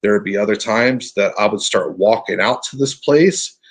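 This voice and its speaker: Podcast guest, male, husky, earnest storyteller who stumbles and restarts. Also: fairly low pitch. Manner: earnest, halting, restarts often. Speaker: podcast guest telling his encounter story. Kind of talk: casual storytelling.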